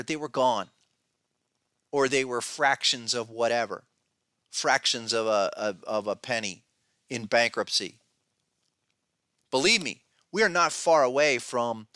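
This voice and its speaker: Guy hosting a podcast, sharp bright voice, dry close sound, keeps restarting himself. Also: mid-range voice, clean tone, no room sound. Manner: emphatic, restless, frequent restarts and asides. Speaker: podcast host, trading educator. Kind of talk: casual podcast commentary.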